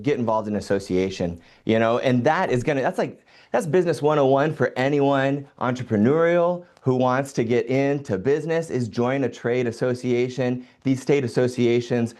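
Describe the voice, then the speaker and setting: A middle-aged man speaks as a guest in a casual podcast chat, full of energy and quick to joke. He tells stories in a lively rush and often restarts his sentences. His voice sits at an ordinary pitch. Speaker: lawyer and guest.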